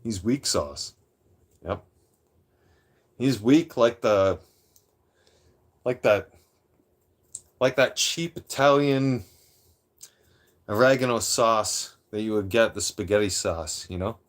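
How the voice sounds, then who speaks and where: Aggressive, profane streamer. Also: male voice, fairly low pitch, slow pace, pauses often. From Toronto, Canada. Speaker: live streamer. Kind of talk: live-stream rant.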